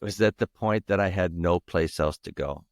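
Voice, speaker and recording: Casting: low-voiced man, guest on a podcast, candid and emphatic storytelling, dry close sound. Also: moderate pace, no room sound. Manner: emphatic and raw, swearing, restarting sentences. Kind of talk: candid personal storytelling in interview.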